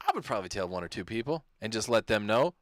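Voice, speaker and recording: A man co-hosting a comedy podcast, talking in a halting way with many restarts. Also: on the low side, very animated, no room sound. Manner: halting, hesitant, full of restarts. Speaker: podcast co-host. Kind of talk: casual comedy chat.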